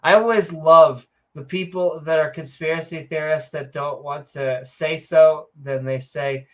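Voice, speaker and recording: Her voice is deep and steady, moving at a measured pace with few pauses. This podcast co-host reads viewer comments aloud in a rambling, sarcastic, joking way, full of fillers and self-corrections.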